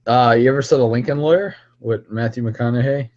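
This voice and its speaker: A man's voice: mid-range voice, fairly quick, darkish tone, muffled recording. A man on a casual livestream, rambling and ranting with constant profanity at his viewers. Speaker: streamer.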